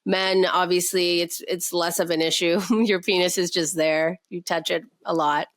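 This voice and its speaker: A woman's voice: lowish voice, little pitch movement, moderate pace, fairly bright tone. A woman sex therapist, a guest on a podcast, talking frankly and emphatically and swearing freely in casual conversation.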